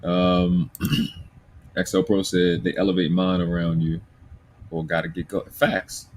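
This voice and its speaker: A man's voice: sits low, measured pace, a little hiss or hum. A man with a Baltimore accent hosting a livestream, talking bluntly and profanely while reading chat comments. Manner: profane, blunt, animated ranting. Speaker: livestream host.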